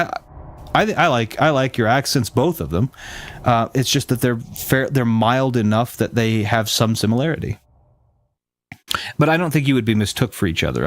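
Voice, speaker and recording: A man from the Southern United States with a neutral General American accent, hosting a game stream and chatting with viewers in a rambling, self-correcting way. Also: medium pitch. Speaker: streamer host. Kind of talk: casual stream chat with viewers.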